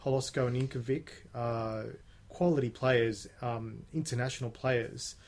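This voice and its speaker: A man's voice: mid-range voice, steady tone, a little slow, darkish tone. A man on a radio football panel, chatty and hesitant, full of ums. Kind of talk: casual radio chat.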